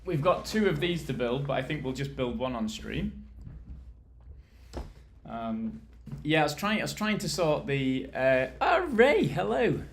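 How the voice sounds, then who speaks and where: A man's voice: a little high, very animated, measured pace, gravelly, a little hiss or hum. A British man from the UK chatting casually with viewers on a live stream, rambling and laughing easily while he assembles furniture and moves around. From United Kingdom.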